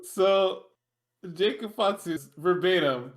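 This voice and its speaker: A man's voice: high voice, normal speed, fairly bright tone. A man co-hosting a casual wrestling podcast, incredulous and laughing, quoting wrestlers word for word. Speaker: podcast co-host. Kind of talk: casual wrestling recap chat.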